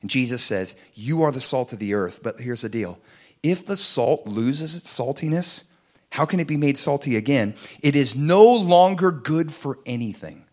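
A man preaching a sermon to a congregation, fervent and animated, dropping at times to soft, intimate tones. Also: mid-range voice, moderate pace. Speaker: pastor.

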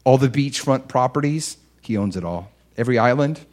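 A young man preaching with heartfelt earnestness. His delivery moves between hushed, tender lines and bright, excited bursts, and his voice sits at an ordinary middle pitch for a man. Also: moderate pace. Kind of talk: sermon.

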